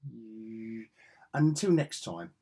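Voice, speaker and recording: A man's voice: fairly low pitch, lively intonation, drawn-out words, warm tone, husky. A middle-aged man vlogging a casual, rambling comic book review in a chatty, self-interrupting way.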